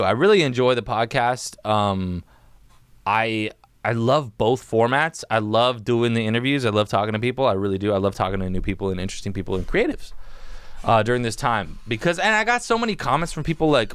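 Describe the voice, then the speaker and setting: A man's voice: fairly low pitch, a bit bright, no echo. A young man hosting a casual solo podcast from his home music studio, rambling and joking, with "dude" in nearly every other line. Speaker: podcast host.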